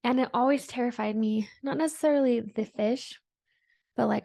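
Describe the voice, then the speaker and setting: A woman hosts a spiritual podcast alone, musing in a loose, reflective way. Her fairly high voice has a gravelly fry, and the sound is dry and close with no room echo. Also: normal speed. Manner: meandering, reflective, soft-spoken with frequent "like" fillers. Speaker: podcast host. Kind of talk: casual spiritual monologue.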